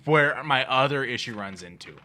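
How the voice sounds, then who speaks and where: A man's voice: medium pitch, animated, moderate pace, pushed and bright. A man co-hosting a casual podcast chat, skeptical and blunt, arguing his points with swearing. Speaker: podcast co-host.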